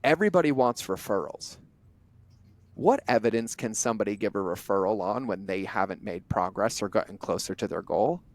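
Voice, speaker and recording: Man, middle-aged, podcast guest, animated storyteller, blunt, dry recording. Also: fairly low pitch, dry recording. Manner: animated, acts out imagined dialogue in quick bursts; blunt, drops the odd curse. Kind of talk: conversational interview storytelling.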